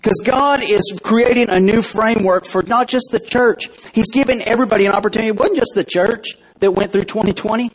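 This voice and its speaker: Husky high-voiced male pastor preaching. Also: fairly quick, hardly any pauses, low-quality recording. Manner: conversational preaching with questions to the congregation. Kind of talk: sermon. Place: church.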